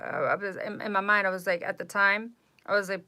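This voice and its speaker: A woman vlogger telling a personal story in a casual, exasperated way, with animated retelling. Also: mid-range voice, normal speed.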